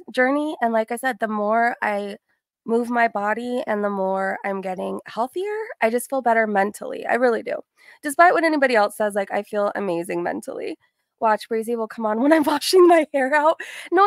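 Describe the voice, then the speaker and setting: A woman's voice: a little high, no room sound, studio quality. A young woman hosting a casual livestream, bubbly and giggly, greeting her chat by name. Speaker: livestream host.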